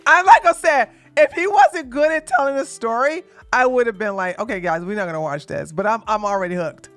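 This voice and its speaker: A woman's voice: a little high, expressive, fairly quick, fairly bright tone. Chatty woman giving blunt reactions. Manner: chatty, laughs along, blunt opinions. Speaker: commentary host. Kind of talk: reaction commentary.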